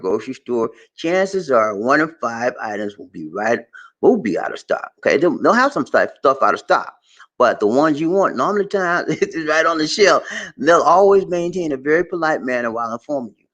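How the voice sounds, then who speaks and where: A man chats on a casual live stream, his fairly high voice swinging up and down as he acts out little shop conversations. He repeats phrases for emphasis. The room throws back a noticeable echo. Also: brisk. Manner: animated, acts out shop dialogues. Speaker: vlogger living abroad. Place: indoors, in the Philippines.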